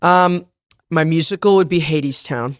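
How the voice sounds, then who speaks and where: A man's voice: fairly high pitch, normal speed, dry recording, clean studio sound. A young man from Boston with a slight Boston accent, chatting casually as a podcast guest, laughing often and talking in fillers and restarts. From Boston, USA. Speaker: guest, stage actor. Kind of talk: casual interview chat.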